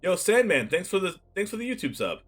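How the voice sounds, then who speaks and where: A man streaming casually as he builds a card-game deck, reading card text aloud and thinking out loud in a chatty way. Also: sits high, big pitch swings, quick pace, faint music behind. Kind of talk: casual live-stream commentary.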